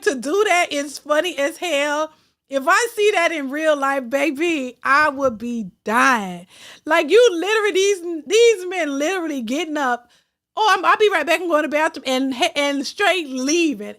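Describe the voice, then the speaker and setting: A woman hosting a livestream, chatting casually and reading out super chats, with speech, blunt and animated, laughing often. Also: high voice.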